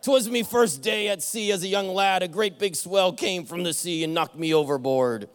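A man voicing a gruff old male pirate captain in a sermon joke, growling his words in salty sea-dog talk. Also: high voice, normal speed, soft background music, lightly acted. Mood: boastful. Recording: long church hall reverb.

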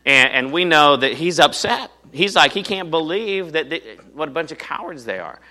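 A man preaching a sermon in a conversational, animated way, full of rhetorical questions to his congregation. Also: mid-range voice, normal speed. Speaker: pastor.

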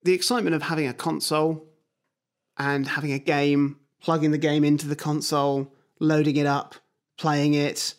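A man's voice: fairly high pitch, level tone, normal speed. A man co-hosting a podcast, telling stories with animation and acting out quoted voices. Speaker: podcast co-host. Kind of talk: casual chat. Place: at a table with his co-host.

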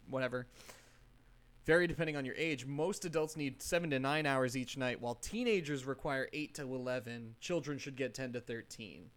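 A young man co-hosting a casual podcast chat, relaxed, laughing and swearing often. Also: medium pitch. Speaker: podcast co-host.

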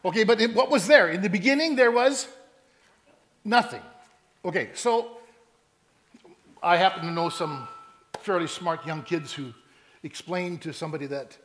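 A man with a notably high-pitched voice delivers a sermon in an animated, storytelling way. He slips into both sides of everyday conversations to make his point, then settles back into teaching. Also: moderate pace, long pauses. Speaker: preacher.

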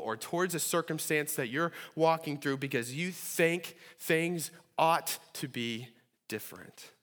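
Male pastor, fairly high voice, earnest sermon delivery, long church reverb. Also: fairly bright tone. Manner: earnest, rises to pleading when voicing prayers. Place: church sanctuary.

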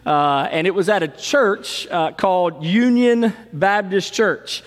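A middle-aged man, a pastor telling stories in an animated sermon. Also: high voice, takes it slowly. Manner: storytelling, animated, fond of shouting the cheer. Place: large church sanctuary. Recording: long hall reverb.

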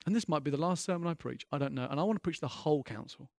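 A man's voice: a little high, very fast, vocal fry, no echo, clean studio sound. A man preaching a sermon as a pastor, earnest and impassioned, often restarting his sentences and building in intensity.

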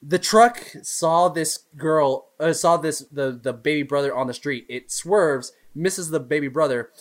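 A man's voice: fairly high pitch, a little slow. A man co-hosting a podcast, chatting casually about movies with a hesitant manner. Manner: hesitant, many fillers and restarts. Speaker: podcast co-host.

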